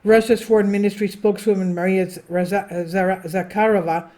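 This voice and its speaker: Brief: female host, mid-pitched, reads news commentary from a script, adds asides, trips on names. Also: fairly even intonation, fairly quick, warm tone. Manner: stumbles over foreign names. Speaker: political commentary channel host. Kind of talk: read-aloud news commentary.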